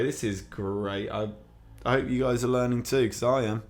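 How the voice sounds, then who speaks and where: A man with a mild Midlands English accent hosting a radio show, reading with excitable, self-mocking comic asides. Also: medium pitch, normal speed, hardly any pauses. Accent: mildly Midlands English.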